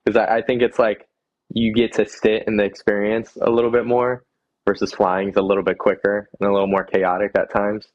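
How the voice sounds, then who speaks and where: Casting note: young man, guest athlete, low voice, halting and easygoing, lo-fi remote audio. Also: little pitch movement. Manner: hesitant, repeats words, laid-back. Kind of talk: casual interview answers.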